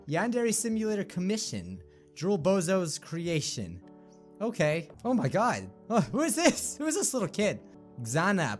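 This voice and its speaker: A man giving excitable gameplay commentary, laughing often and chatting to the characters on screen. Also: high voice. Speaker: gaming video creator.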